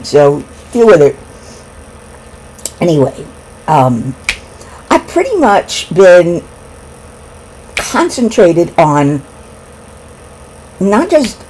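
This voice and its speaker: Giggly middle-aged lady chatting slow over breakfast at home, bouncy voice, bit of faint noise behind. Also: deep voice, dark tone, rough recording. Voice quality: giggly, laughs between words. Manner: rambling, talks with mouth full over breakfast. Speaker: craft vlogger. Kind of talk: casual chat.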